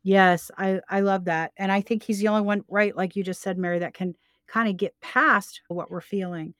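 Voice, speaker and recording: An older woman co-hosting a faith podcast, speaking slowly and gently as she gives advice. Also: mid-range voice, steady tone, dry recording, clean studio sound. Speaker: co-host. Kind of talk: faith-based podcast chat.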